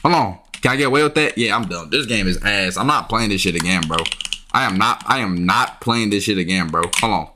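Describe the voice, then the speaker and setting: A man's voice: lowish voice, fairly quick, noisy background. A young man, giving casual gameplay commentary, frustrated and trash-talking, with sudden yelps when annoyed. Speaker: gaming YouTuber. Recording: faint keyboard and mouse clicks.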